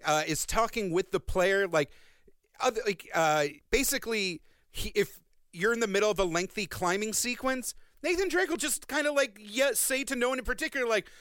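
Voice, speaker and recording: A man co-hosting a relaxed podcast, speaking in a smooth, clear voice pitched a bit high. He explains things with wry asides and dry jokes, recorded close with no room sound. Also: moderate pace, dry recording. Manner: wry, explanatory, dryly joking. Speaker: podcast co-host. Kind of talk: casual chat.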